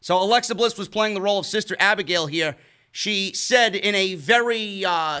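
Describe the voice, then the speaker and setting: High, bright-voiced ranting man. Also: normal speed, clear, resonant tone. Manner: profane, exasperated, stumbles over words. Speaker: wrestling show reviewer. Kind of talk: casual recap and rant.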